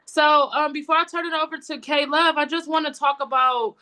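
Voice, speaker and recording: High, bright woman speaking warmly. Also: fairly even intonation, fairly quick. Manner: affectionate and direct. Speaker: co-host from a support group. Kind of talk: casual supportive talk on a livestream.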